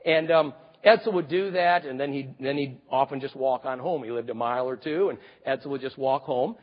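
A man in his fifties preaching a sermon, telling stories and swinging from booming to hushed. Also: brisk. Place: large church hall. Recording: reverberant hall, slightly dull sound.

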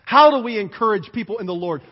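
A male pastor with a high, breathy voice preaches fast and emphatically, animated and repeating lists. He's in a reverberant church sanctuary, and the recording is muffled, dull and lo-fi with hall reverb.

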